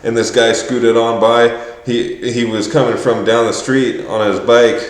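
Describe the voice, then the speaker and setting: A man's voice: medium pitch, flat delivery, measured pace. A man rambling through a profane, exasperated rant to camera, often mimicking other people's voices. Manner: quotes others in mocking voices. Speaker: vlogger. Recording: echoey room.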